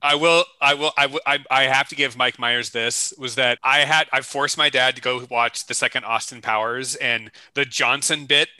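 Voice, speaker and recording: A man telling excitable, laughing stories in a casual podcast chat. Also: mid-range voice, moderate pace, hardly any pauses, clear, resonant tone, no echo. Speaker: podcast co-host.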